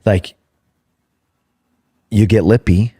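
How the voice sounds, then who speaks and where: Low-voiced man in casual podcast chat. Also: fairly even intonation, extremely slow, warm tone, slightly rough, dry recording, studio quality. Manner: loose, rambling, acts out quoted locals. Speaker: podcast co-host.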